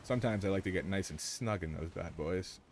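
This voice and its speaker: A man streaming a game live, joking excitedly with his chat and teammates as he plays. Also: sits low, fairly quick, soft background music. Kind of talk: live gameplay commentary.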